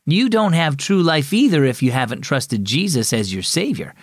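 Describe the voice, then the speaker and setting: A man voicing a kindly, patient Sunday school teacher who speaks gently and encouragingly. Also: fairly high pitch, very animated, moderate pace, no echo, clean studio sound. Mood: gentle.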